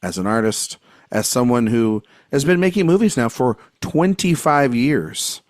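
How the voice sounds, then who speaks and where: A man's voice: mid-range voice, lively intonation, measured pace, dry recording, studio quality. A man hosting a podcast in casual, joking chat, rambling and laughing often. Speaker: podcast host.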